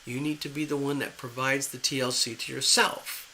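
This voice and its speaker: A man giving tarot readings on a live stream, talking gently and soothingly, rambling with fillers. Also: mid-range voice, steady tone, normal speed, slight background noise, low-quality recording. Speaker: tarot reader.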